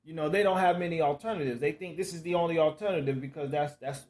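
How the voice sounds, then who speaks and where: Slightly high-voiced male interviewer. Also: fast, darkish tone, slight background noise. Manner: affirming, with frequent backchannel responses. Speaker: interview host. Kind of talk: casual interview talk.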